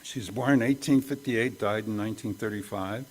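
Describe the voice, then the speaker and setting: Male pastor, low voice, folksy conversational sermon, pokes fun at his own mistakes. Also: fairly quick, darkish tone. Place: church service.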